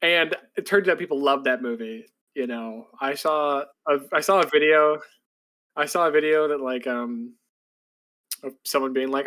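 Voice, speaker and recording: A man's voice: on the high side, steady tone, normal speed, bright, forceful tone. A man co-hosting a podcast, recapping shows in a loose, rambling casual chat full of fillers and restarts. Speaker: podcast co-host.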